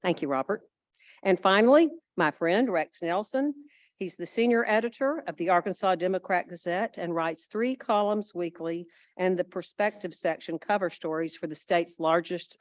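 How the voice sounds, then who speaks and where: A woman's voice: on the low side, moderate pace, no echo. Woman introducing the panel, chatty little asides, dry close mic. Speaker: event introducer. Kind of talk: reading speaker introductions.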